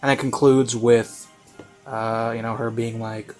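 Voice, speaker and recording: A man's voice: mid-range voice, flat delivery, unhurried, soft background music. Rambling man reviewing a video. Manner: rambling, heavy on fillers like "you know" and "like"; offhand, self-mocking. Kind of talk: casual commentary.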